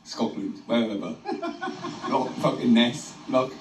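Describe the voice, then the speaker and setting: A man's voice: medium pitch, wildly swooping pitch, slow, reverberant, far from the mic, a little hiss or hum, poor audio. A man joking and swearing with a friend outdoors on a hill, telling cheeky gags and laughing. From United Kingdom. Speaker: vlogger's friend. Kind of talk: casual banter.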